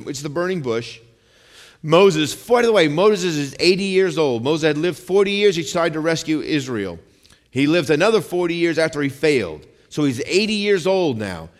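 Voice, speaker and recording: A male pastor preaching a sermon in a conversational style, dropping low and quiet for some lines and rising for emphasis, asking the congregation for amens. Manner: conversational preaching, calls out amen; shifts between quiet low lines and raised emphatic ones. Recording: long hall reverb.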